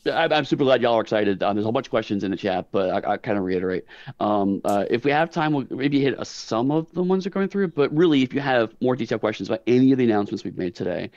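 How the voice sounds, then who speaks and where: A man hosting a convention panel, chatting quickly and agreeably with many fillers. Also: mid-range voice, expressive, a little mellow, no room sound, dull audio. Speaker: panel host. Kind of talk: casual panel chat.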